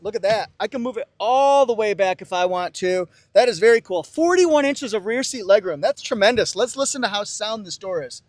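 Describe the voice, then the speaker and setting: Upbeat high-voiced man reviewing cars. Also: animated, fairly quick, few pauses. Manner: upbeat, playful asides and song quotes. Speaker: car reviewer. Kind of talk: car walkaround review. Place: car dealership lot and car interior.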